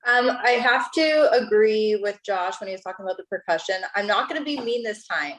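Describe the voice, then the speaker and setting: Woman, judge, gentle, agreeable, mid-pitched. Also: lively intonation, a little fast, rough recording. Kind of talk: critiquing a performance.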